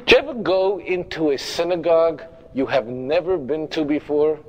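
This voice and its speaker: A rabbi delivering a lecture, his voice sitting a little high for a man. He hammers his points home by repeating them and keeps checking in with the listeners. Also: moderate pace, poor audio. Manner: emphatic, repeats phrases, direct asides to the audience. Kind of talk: lecture to a congregation.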